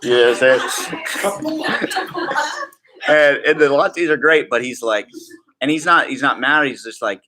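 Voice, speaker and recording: A man teaching a class at a prayer school in a casual, joking way, full of asides and quick check-ins with the room. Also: mid-range voice, sing-song, sharp tone. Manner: chatty, joking, full of "like" and "right?".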